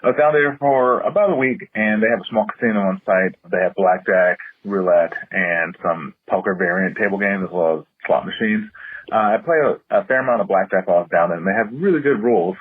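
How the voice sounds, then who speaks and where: A man calling in from Virginia to give a trip report in a steady, matter-of-fact way. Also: fairly low pitch, brisk, dry recording. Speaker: caller. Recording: husky phone line.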